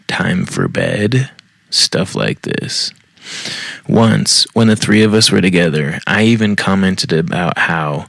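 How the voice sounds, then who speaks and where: A man's voice: sits low, creaky, fairly bright tone, dry recording. A man hosting a podcast, reading online posts aloud and reacting bluntly with heavy profanity. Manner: blunt, profane, laughs at his own jokes. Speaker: podcast host.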